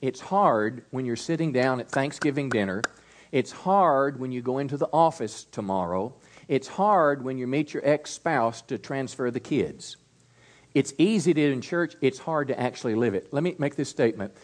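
A man's voice: medium pitch, expressive, normal speed. Folksy preaching man, call-and-response. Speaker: pastor. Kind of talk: sermon.

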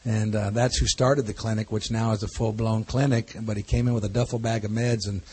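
Husky, folksy man preaching. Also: fairly low pitch, level tone, brisk, darkish tone. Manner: folksy, jokey storytelling with laughs. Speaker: pastor. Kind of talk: church talk to a congregation.

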